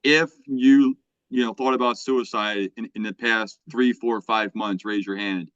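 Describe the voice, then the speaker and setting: A man's voice: on the low side, fairly even intonation, a little slow, fairly bright tone, clean tone, no echo. A middle-aged man hosts a podcast in a loose, rambling way, restarting his sentences and checking in with "right?". His voice is recorded dry and close, with a slightly dull, muffled tone. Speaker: podcast host. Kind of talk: casual podcast chat.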